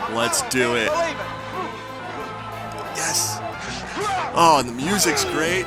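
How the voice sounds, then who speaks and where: A man hosting a movie reaction, talking casually and excitedly, often exclaiming and laughing. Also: a little high, extremely slow, pauses often, loud music behind the voice. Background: film soundtrack playing.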